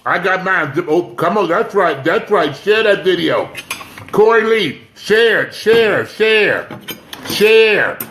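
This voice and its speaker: A man hosts a casual livestream from indoors at home, chatting with viewers, greeting them by name and urging them to share. His high voice is expressive and slow, with background noise behind it.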